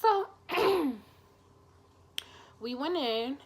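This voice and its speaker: A young woman telling a story in a casual vlog, animated and expressive, swearing freely. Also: sits high, extremely slow. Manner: animated, expressive and profane, with lots of "like" and exclamations. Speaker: vlogger.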